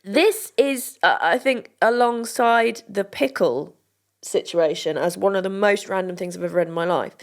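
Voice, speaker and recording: A woman's voice: medium pitch, normal speed. A British woman co-hosting a podcast, reading out items in a casual, joking chat. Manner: chatty, reads out items and jokes along. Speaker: podcast co-host.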